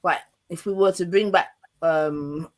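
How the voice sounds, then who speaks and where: A man hosting a live stream, chatting loosely and reading articles aloud with quick asides, his throat a little sore. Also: a little high, fairly even intonation. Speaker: livestream host. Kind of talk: casual live-stream chat.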